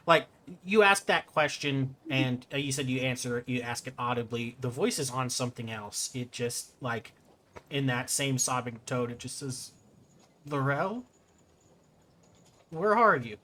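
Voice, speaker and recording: A man's voice: mid-range voice, steady tone, unhurried, pushed and bright. A man narrating as game master in a casual, descriptive way.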